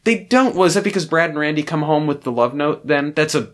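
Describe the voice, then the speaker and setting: A man's voice: on the high side, fairly quick. A man co-hosting a podcast, chatting casually and riffing with jokey asides while recapping a sitcom episode. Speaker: podcast co-host.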